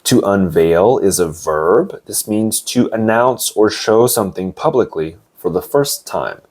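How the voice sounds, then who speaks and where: A deep-voiced man gives a relaxed English lesson built on news stories. He defines words, reads the news aloud and stops to ask learners if it makes sense. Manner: explains words slowly, adds asides and checks. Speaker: English teacher.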